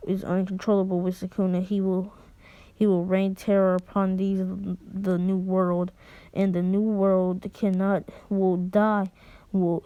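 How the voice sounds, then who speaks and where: A woman's voice: mid-range voice, warm tone, no room sound, close to an everyday voice, poor audio. A woman voicing a stern school official who delivers a rambling warning.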